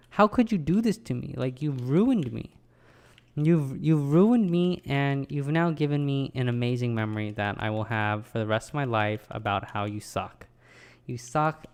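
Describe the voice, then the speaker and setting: A young adult man casually recalling a childhood memory, rambling and animated with lots of ums and likes, mocking himself. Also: mid-range voice, clear, resonant tone. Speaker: vlogger. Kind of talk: casual personal storytelling.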